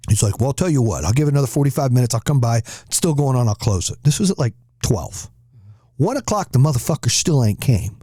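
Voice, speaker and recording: A man's voice: medium pitch, fast talker, no echo, studio quality. A middle-aged man hosting a podcast, telling a story in casual chat with lots of swearing and acted-out quotes. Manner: animated, profane storyteller acting out quotes. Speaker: podcast host.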